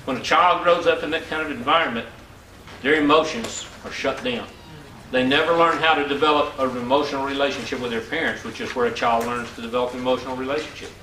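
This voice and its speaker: A man's voice: mid-range voice, steady tone, fast, sharp tone. A man in his sixties giving an earnest motivational business seminar talk, repeating words for emphasis. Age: 60s. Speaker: seminar speaker. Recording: echoey hall, mic far off, faint ambient noise.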